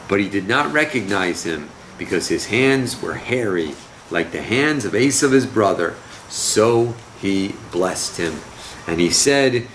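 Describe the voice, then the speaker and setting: Man, rabbi, scripture lesson, conversational, forceful, lively pitch. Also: unhurried, slight background noise, poor audio. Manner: lively, conversational, laughs with students. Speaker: rabbi teaching a class.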